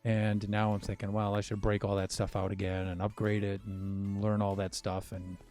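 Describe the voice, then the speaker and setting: A man's voice: lowish voice, monotone, normal speed, darkish tone, soft background music. An older man streaming a game, chatting in a rambling, wry way with self-mocking asides. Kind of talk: casual gameplay chat.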